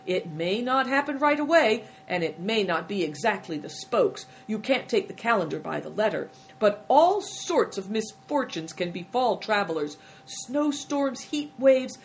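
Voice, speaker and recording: A woman's voice: medium pitch, a little hiss or hum, pitched above the performer's own voice. A woman reading an audiobook, voicing a fawning, chatty male innkeeper who rambles obsequiously and spouts proverbs. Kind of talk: audiobook character voice.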